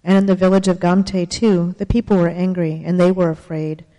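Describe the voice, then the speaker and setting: Mellow woman reading a children's story. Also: fairly low pitch, little pitch movement, normal speed. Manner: gentle, stops to explain words for children. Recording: long hall reverb.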